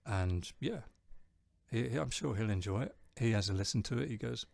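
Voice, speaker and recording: A man's voice: fairly low pitch, animated, moderate pace, gravelly, a little mellow, dry recording. A man chatting casually on a live stream, reading out viewer comments and rambling jokily about music. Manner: rambling, jokey, reads chat aloud. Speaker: streamer and band bassist.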